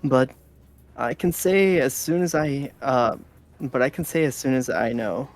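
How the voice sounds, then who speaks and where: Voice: mid-range voice, a little slow, soft background music, lightly acted. A player voicing a shy, polite young man who hesitates and stumbles over his words. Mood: flustered.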